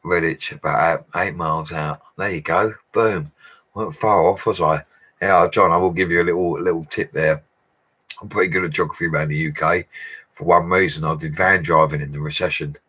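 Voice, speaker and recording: Low-voiced chatty man. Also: steady tone, brisk, bright, forceful tone, husky. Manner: chatty and matey, laughs often. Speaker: bricklayer answering live chat questions. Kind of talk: casual livestream Q&A.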